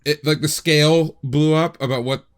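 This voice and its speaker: Smooth-voiced rambling man. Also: fairly high pitch, fairly even intonation, normal speed. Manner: rambling, filler-heavy explaining. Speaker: podcast co-host. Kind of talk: casual chat.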